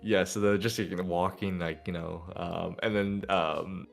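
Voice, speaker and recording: A man's voice: deep voice, fairly even intonation, normal speed, vocal fry, faint music behind. A man co-hosting a casual podcast, recapping an anime episode and laughing as he acts out characters. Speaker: podcast co-host.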